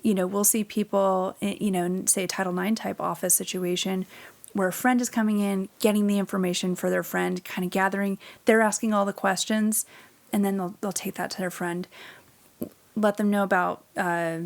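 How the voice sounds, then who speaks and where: A woman appearing as a guest expert on a podcast, explaining things in a gentle, measured and supportive way. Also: mid-range voice, level tone, creaky. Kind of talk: conversational explanation.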